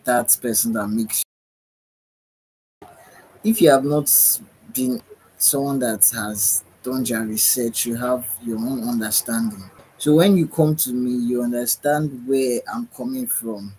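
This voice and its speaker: On a low-quality recording, a man with a medium-pitched, expressive, husky voice that's a little mellow talks a bit slowly. He hosts a livestream, tired and yawning, rambling about spiritual matters while fumbling for words and frequently adding "right?"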